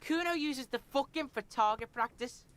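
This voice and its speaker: A woman's voice: high-pitched, normal speed, fairly bright tone, dry recording. A woman voicing a cocky, foul-mouthed boy street kid with a Liverpool accent, taunting and talking about himself in the third person. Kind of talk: video game voice acting.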